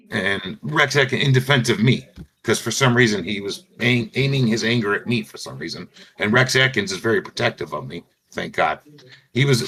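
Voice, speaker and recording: A man's voice: fairly low pitch, bright, forceful tone. A man hosting a casual chat, rambling through anecdotes and laughing often while recovering from surgery. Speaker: show host.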